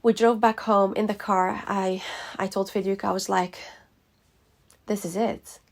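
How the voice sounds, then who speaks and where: Woman, personal vlog storyteller, emotional and sincere, slight vocal fry. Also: mid-range voice, flat delivery, a little fast. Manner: emotional, heartfelt, with hesitations. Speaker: vlogger.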